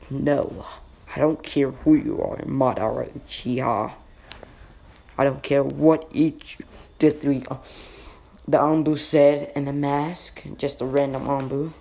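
A man narrating an improvised fan-fiction story in a halting, rambling way with slips. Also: mid-range voice, steady tone, gravelly, a little mellow.

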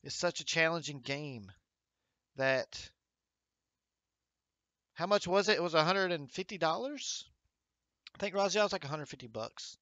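A man's voice: a little high, animated, unhurried, pauses often, sharp tone, dry recording, lo-fi sound. A man hosting a gaming livestream at home, chatting upbeat and encouraging while reading viewer comments aloud. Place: home streaming setup with green screen.

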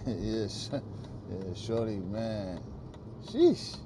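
A man in a casual group chat who talks in an animated, slangy, disbelieving way. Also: lowish voice, very slow, noisy background.

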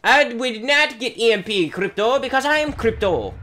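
Male gaming streamer, high voice that swings widely, playful taunting commentary, faint clicks in the background. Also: normal speed, slight background noise. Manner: animated, taunts enemies, talks to himself. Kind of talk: live gameplay commentary.

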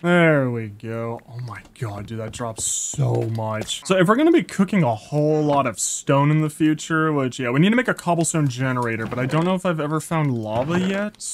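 Young man, gameplay commentary, excitable, jokey, fairly high voice, very lively intonation. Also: moderate pace, hardly any pauses, slight background noise. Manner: excitable, jokey, lots of exclamations. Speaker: Minecraft YouTuber.

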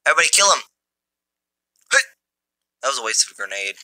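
A man giving mobile gameplay commentary through a phone's built-in mic, excitable and jokey, taunting his enemies. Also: medium pitch, fast, no echo. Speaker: gamer.

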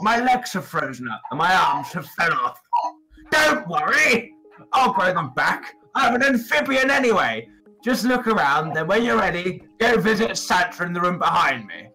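A chirpy male frog warrior, put on by a man, piping up high and swooping all over the place as he bounces from line to line. Festive game music plays clearly behind him. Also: pushed and bright, full character voice, poor audio. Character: cheerful male frog warrior, chatty host.

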